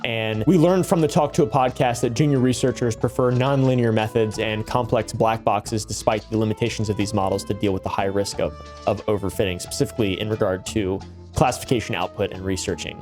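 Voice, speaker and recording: A man's voice: fairly low pitch, a little mellow. A man giving sarcastic reaction commentary on a video, with mocking, exasperated asides. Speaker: commentary YouTuber.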